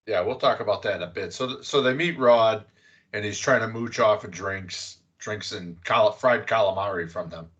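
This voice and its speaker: Low-voiced man recapping a movie. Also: moderate pace, fairly bright tone, highs cut off. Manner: rambling recap with fillers and profanity. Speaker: podcast host. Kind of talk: casual movie recap chat.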